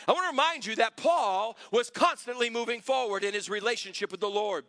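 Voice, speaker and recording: High, bright-voiced preaching man. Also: fairly quick, hardly any pauses, no echo. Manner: preaching with call-and-response, rising to shouts. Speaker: pastor. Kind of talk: sermon.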